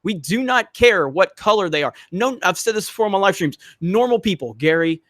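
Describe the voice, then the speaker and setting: A man's voice: high voice, animated, brisk, fairly bright tone, no echo. A man with a slightly raised voice hosts a casual podcast talk and rants with emphatic exasperation. The sound is dry and close. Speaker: podcast host. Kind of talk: casual opinion chat.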